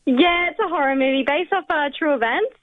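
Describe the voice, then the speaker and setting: A woman calls in to a radio show with a high voice. She talks bluntly and dismissively, and the sound is dry and close. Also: fairly quick, dry recording, phone-quality sound. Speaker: caller. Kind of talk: phone call to radio.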